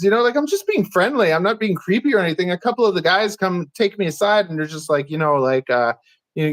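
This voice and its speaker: A man talks loosely as a guest on a podcast. His voice sits high, and he rambles from point to point, laughing often and slipping into quick impressions of what people said. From Canada. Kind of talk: casual chat.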